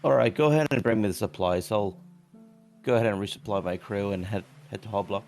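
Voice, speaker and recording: Male player, loud emphatic in-character talk, lowish voice. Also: fast talker, soft background music.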